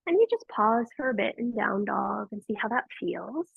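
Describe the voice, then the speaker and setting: Husky-voiced woman guiding a yoga class. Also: mid-range voice, animated, normal speed, dry recording. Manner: gentle, encouraging cueing with frequent praise. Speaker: yoga teacher. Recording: tinny phone-like audio.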